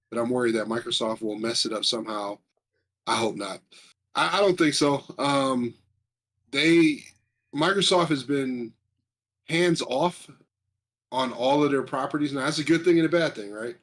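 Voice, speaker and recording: A man co-hosting a casual live stream, chatting excitedly and rambling a little as he reads viewer comments aloud. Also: medium pitch, moderate pace. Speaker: stream co-host. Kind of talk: casual chat about video game awards.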